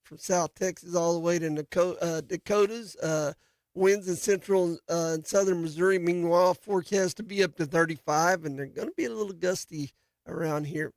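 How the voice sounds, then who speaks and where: A man's voice: sits high, steady tone, moderate pace, no echo. Folksy male farm radio host. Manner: folksy, rambling, many fillers and restarts. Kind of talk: casual farm radio talk. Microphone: studio microphone.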